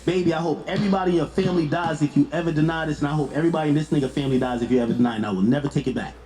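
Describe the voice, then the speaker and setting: A man telling a story in an excitable way, acting out the lines of others with sudden jumps in pitch. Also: racing, echoey room, rough recording. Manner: excitable, acts out dialogue with sharp jumps in pitch. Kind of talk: animated storytelling on a clip.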